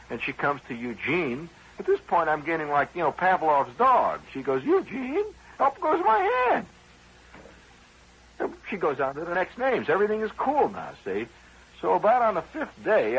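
A man with a deeply raspy, husky voice rambles through a personal story on the radio. His pitch swoops up and down in a lively way, and he keeps turning to his listeners with wry asides. He sounds conversational and unhurried. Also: highs cut off.

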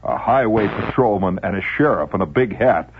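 Low, lively male storyteller; wry first-person narration. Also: moderate pace, husky, dull audio.

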